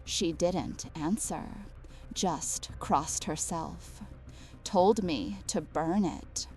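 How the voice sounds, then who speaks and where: A woman giving a scripted horror story narration, slow, hushed and deliberate. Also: lowish voice. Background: faint music.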